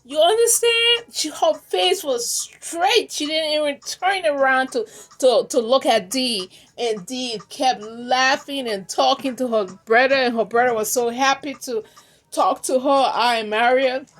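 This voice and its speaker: A woman's voice: sits high, measured pace. A woman hosting a reaction channel, talking casually and indignantly scolding, with rhetorical questions. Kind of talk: casual commentary.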